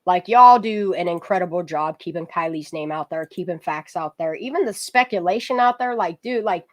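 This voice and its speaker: A woman with a lowish voice hosts a casual livestream, chatting loosely at a normal speed. She's chatty and swears freely.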